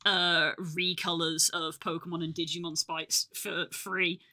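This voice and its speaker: Woman streamer chatting while she draws, bright voice, friendly and quick. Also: lowish voice, level tone. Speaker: streamer host. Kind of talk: casual chat on a live art stream.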